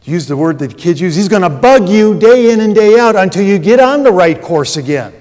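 Pastor guy preaching, high voice, big church echo, tells stories. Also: animated, a little fast, a little mellow. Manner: storytelling preacher acting out radio dialogue. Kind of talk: sermon. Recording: long reverb of a large hall.

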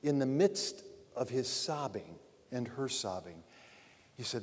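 A man preaching a sermon, telling a story and then addressing his congregation earnestly, rising loud and falling to a hush. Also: mid-range voice, lively intonation, measured pace, pauses often, slight background noise. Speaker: pastor. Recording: long reverb of a large hall.

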